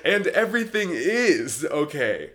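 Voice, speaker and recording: In an unhurried, sing-song, fairly bright voice that sits on the high side, a young man hosting a solo podcast chats aimlessly, breaking into giggles and interrupting himself partway through sentences.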